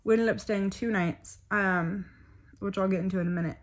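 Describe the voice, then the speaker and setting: A woman's voice: medium pitch, steady tone, normal speed. A young woman telling a personal story in a chatty, emotional way, full of fillers and asides. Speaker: vlogger.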